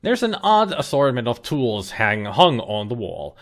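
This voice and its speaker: A man's voice: mid-range voice, sing-song, a little slow. A man hosting a let's play, reading out game text and adding dry joking asides.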